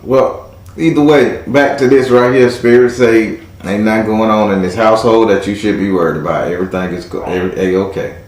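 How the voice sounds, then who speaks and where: Low-voiced man giving a casual tarot reading. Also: a little fast, a little mellow, roomy sound. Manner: playful, teasing, casual slang. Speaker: tarot reader and host. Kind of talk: live tarot reading with a caller.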